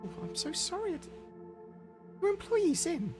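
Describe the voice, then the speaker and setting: A man doing a fussing, high-voiced mum. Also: wildly swooping pitch, normal speed, loud music behind the voice, exaggerated voice. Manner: fussing and confused. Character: his worried, puzzled mother.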